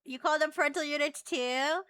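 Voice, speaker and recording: A woman's voice: sits high, moderate pace, pushed and bright. A woman streamer teasing and chatting playfully with an AI voice on a live stream. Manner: playful, teasing, flirty questions.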